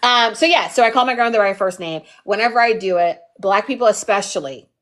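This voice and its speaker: Animated woman telling a story. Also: medium pitch, fast. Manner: animated storytelling with quoted voices. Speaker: workshop host. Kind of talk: casual livestream chat.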